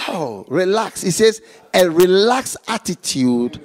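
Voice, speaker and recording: A man preaching a slow, emphatic sermon in church, stopping often for call-outs to the congregation. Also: sits high, sing-song, gravelly, a little mellow. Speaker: pastor.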